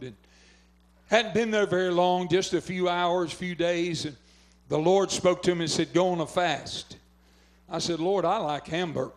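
An older man from Oklahoma, a pastor preaching fervently at a revival and telling a story. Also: a little high. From southwestern Oklahoma. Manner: fervent preaching, urging callers to phone in. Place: revival tent.

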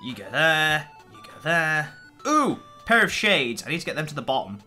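A young man giving chatty, self-mocking commentary over a mobile game, getting excitable when rushed. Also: a little high, faint music behind. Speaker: gaming channel host.

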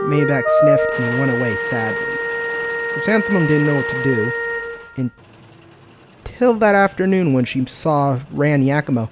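A man's voice: a little high, lively intonation, moderate pace, over music. Man reading a fan storybook aloud. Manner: plain reading with occasional stumbles. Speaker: narrator. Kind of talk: hobby storybook narration.

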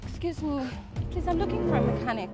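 A woman's voice: high voice, lively intonation, fast talker, loud music behind the voice. A young Nigerian woman in a comedy sketch, polite and pleading as she asks for help. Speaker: actress in sketch.

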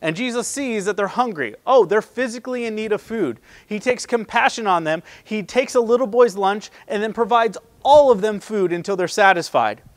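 Raised-pitch pastor, dry close sound. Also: male voice, moderate pace, few pauses, dry recording. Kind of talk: sermon.

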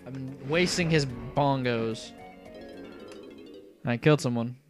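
A man's voice: medium pitch, slow pace, over music. A young man giving casual, rambling commentary while playing a video game, often trailing off into mutters. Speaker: let's play host.

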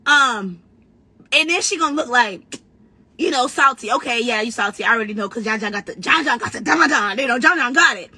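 Brash high-voiced woman ranting. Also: breathy edge, no room sound. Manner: brash, trash-talking, rapid and animated. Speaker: battle rapper giving commentary. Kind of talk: casual profane rant.

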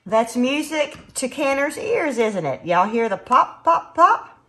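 A woman's voice: high voice, sing-song, measured pace, background noise. A woman chatting through a home canning demonstration in her kitchen, explaining each step as she works. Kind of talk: casual cooking demonstration.

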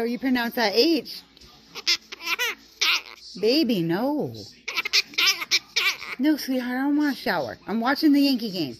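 A woman's voice: a little high, very animated, measured pace, pauses often, a little mellow, slight background noise. A woman talking baby talk to her pet, cooing and teasing in a sing-song way. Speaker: pet owner. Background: music.

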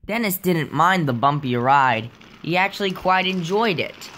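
A woman narrating a homemade toy train story softly, with small restarts. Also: on the low side, expressive, measured pace.

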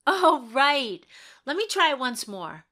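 A woman voicing a hopeful young actress in an audio play monologue, dramatic and quick to swing between whispers and outbursts. Her voice is bright and fairly high, and she takes her time with the lines. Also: very animated, heavily acted.

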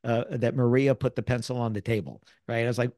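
An American man, middle-aged, speaking as an interview guest and sales author, telling lively stories and acting out the people he quotes. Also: medium pitch, fast, no room sound, studio quality. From United States. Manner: animated storyteller who acts out quoted people. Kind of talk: casual interview storytelling.

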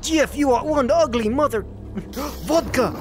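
A man's voice: very high voice, unhurried, music in the background, pitched above the performer's own voice. A man voicing a boisterous vodka-obsessed Russian soldier with a put-on Russian accent and broken English. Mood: boastful. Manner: broken English, loud and theatrical.

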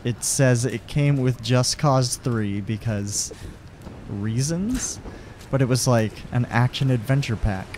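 A man's voice: medium pitch, takes it slowly, darkish tone, slight background noise. A man from Canada co-hosting a let's-play, chatting casually and joking as he plays. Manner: joking, rambling, laughs often. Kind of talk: casual gameplay chat.

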